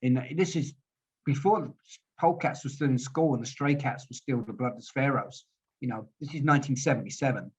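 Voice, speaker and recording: A man's voice: medium pitch, fairly quick, husky. A man in his sixties telling rambling stories as an interview guest, often repeating words as he goes. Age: 60s. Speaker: guest musician. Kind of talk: storytelling interview. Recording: dull lo-fi audio.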